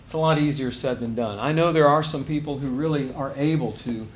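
A man's voice: mid-range voice, brisk, slight background noise. A man preaching a sermon in a conversational way, rising to emphatic stresses on key phrases. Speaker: pastor.

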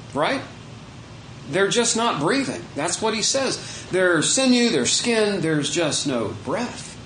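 A man preaching a sermon in a conversational way, reading scripture aloud and stopping to explain it with small self-corrections and soft chuckles. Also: fairly high pitch, roomy sound, slight background noise, rough recording.

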